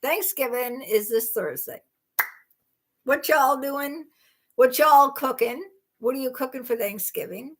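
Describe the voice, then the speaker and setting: A woman's voice: high voice, measured pace. A woman hosting a casual livestream chat, rambling and exclaiming in disbelief. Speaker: livestream host.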